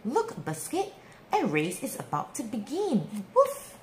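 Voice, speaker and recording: Slow sing-song woman reading to kids. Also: on the high side, huge pitch swings, a little mellow, a little hiss or hum. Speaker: storybook reader. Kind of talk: children's bedtime read-aloud.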